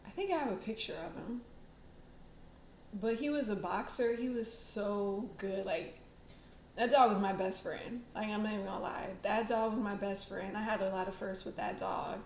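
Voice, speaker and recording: A woman's voice: medium pitch, roomy sound, a little hiss or hum. A woman hosting a casual livestream, chatting. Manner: chatty, rambling, many fillers and laughs. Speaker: tarot channel host.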